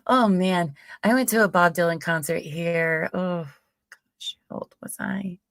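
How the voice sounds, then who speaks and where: A woman in her late thirties hosts a live stream in a loose, rambling chat full of laughter. Her voice sits low with a gravelly edge. The sound is dry and close, with no room around it. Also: a little slow, fairly bright tone, no echo. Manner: chatty, laughs often, rambling asides. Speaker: livestream host.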